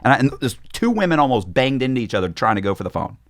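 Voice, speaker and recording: A man's voice: mid-range voice, sing-song, very fast. A man, a podcast guest, telling a story in casual conversation, acting out quoted voices, with frequent restarts.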